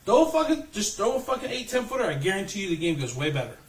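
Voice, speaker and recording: A man's voice: sits high, very animated, fast talker. A man co-hosting a podcast, arguing bluntly and with lots of swearing. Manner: blunt, profane, argumentative. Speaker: podcast co-host. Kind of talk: casual ranting chat. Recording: roomy, distant mic, faint noise.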